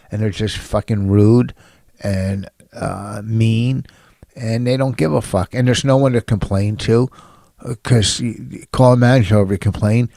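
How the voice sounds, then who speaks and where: A middle-aged man co-hosting a podcast, speaking in a low voice. He grumbles and rants bluntly in casual chat, with plenty of swearing. The sound is dry and close. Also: darkish tone, dry recording. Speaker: podcast co-host.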